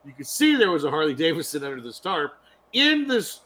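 Bright-voiced man recapping a show. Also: on the high side, very animated, a little fast. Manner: crude, storytelling, acts out characters' lines. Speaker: podcast co-host. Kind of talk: casual chat recapping a TV episode.

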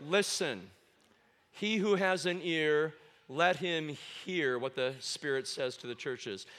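A man preaching a sermon to a church congregation as a guest speaker, telling lively stories and asking the congregation questions. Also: on the high side. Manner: animated storytelling with sudden loud exclamations; asks the congregation questions and pauses for answers. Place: church sanctuary.

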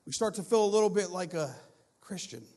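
A man with a high voice delivers a sermon as a guest pastor. He builds through repeated phrases, pushing up into urgent, loud stretches and then dropping low and hushed. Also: expressive, fairly quick. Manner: swings between loud urgent passages and hushed low ones.

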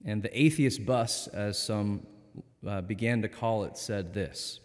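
A man preaching a sermon in a church, speaking in a measured, earnest and gentle way. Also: lowish voice. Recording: long reverb of a church.

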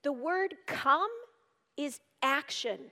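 A woman giving an earnest devotional teaching, reading scripture aloud and explaining it, shifting between urgent emphasis and hushed tones. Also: high voice, animated, takes it slowly. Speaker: speaker at a church gathering. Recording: reverberant hall.

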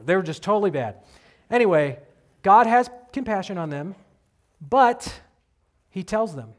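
A man preaching a sermon, telling a story with lively acted-out quotes and casual asides. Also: sits high, normal speed. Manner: animated storytelling, acting out quoted voices. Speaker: pastor.

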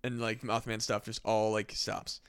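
A man's voice: fairly low pitch, flat delivery, normal speed, fairly bright tone, clear, resonant tone, no room sound. A man hosting a podcast, telling a story in rambling casual chat full of fillers and swearing. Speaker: podcast host.

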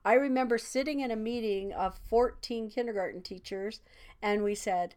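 A woman's voice: a little high, moderate pace, a little mellow. A woman in her sixties, a kindergarten teacher, chatting casually and laughing often between thoughts. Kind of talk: casual conversation.

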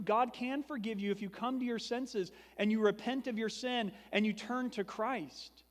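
A man's voice: high voice, steady tone, normal speed, few pauses, a bit bright, in a large hall. A young man preaching a sermon as pastor, earnest and building to emphatic repetition.

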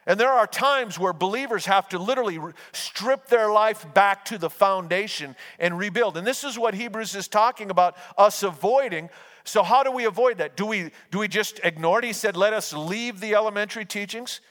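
A man with a high voice preaches a conversational sermon. He stumbles and restarts his phrases and acts out little anecdotes along the way. His voice carries a long reverb from a large hall. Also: fairly quick, fairly bright tone. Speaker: pastor.

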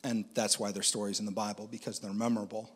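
Man telling a story with lively quoted voices. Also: lowish voice, fast talker, breathy edge, big-room sound. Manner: animated, acts out quoted voices, laughs often. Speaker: dream interpreter. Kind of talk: conversational storytelling.

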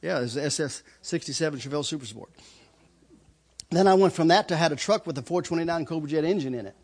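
A middle-aged man telling his testimony with a high, husky voice. His pitch swings widely as he laughs and stumbles through repeated words. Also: animated, fast. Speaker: speaker giving a testimony. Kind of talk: testimony storytelling.

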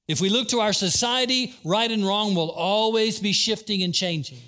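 Man, pastor, sermon, high voice, animated preaching, asks the congregation questions. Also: normal speed, hardly any pauses. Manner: animated preaching, acting out quotes, asking the congregation.

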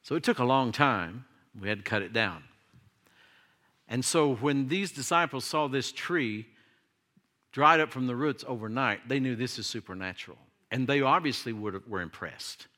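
Middle-aged pastor preaching, bright voice, chatty, asks the crowd stuff. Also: male voice, medium pitch, moderate pace. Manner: conversational preaching with rhetorical questions and humor. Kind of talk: sermon.

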